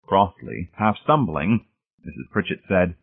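A man with a husky voice narrating a story, reading steadily and shifting voices for the characters. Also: low voice, animated, measured pace. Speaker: audiobook narrator. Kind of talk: scripted narration. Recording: tinny phone-like audio.

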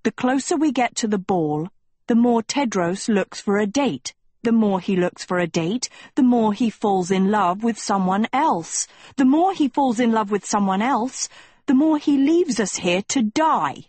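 A woman's voice: on the high side, expressive, a little slow, a little mellow, dry recording. A woman voicing a blunt, impatient young girl who explains things with exasperation. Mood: exasperated.

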